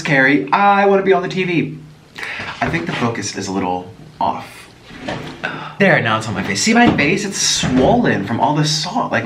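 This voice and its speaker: A man vlogging as he eats, chatty and animated, breaking off with sudden gasps and exclamations. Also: medium pitch. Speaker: mukbang vlogger. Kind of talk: casual chat while eating. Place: echoey room at home. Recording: echoey room, voice from a distance, faint noise.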